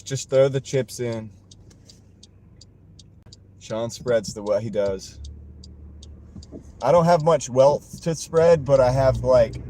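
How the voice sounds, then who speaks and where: A man's voice: medium pitch, dark tone. A man live-streaming from his car while he drives, chuckling often as he reads and answers viewer comments. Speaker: livestreaming delivery driver. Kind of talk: casual live-stream chat. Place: inside a car while driving. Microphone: wireless clip-on mini mic. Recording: road noise from the moving car.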